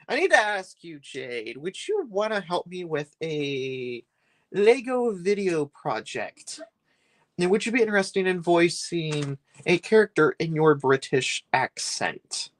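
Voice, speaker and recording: Chatty, animated streamer man. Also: high-pitched, a little slow. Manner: rambling, chatty, complains with a laugh. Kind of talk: live-stream chat while building.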